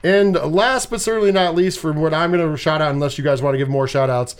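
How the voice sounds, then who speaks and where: A man's voice: fairly high pitch, brisk, clear, resonant tone. A man hosting a casual movie review podcast, chatting loosely, swearing often and laughing along with his co-hosts. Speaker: podcast host.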